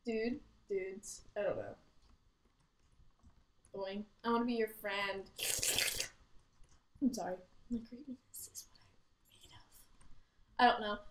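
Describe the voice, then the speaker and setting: A woman chatting and rambling through gameplay commentary, giggling and breaking into loud exclamations. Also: a little high. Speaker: gaming channel host. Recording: roomy echo.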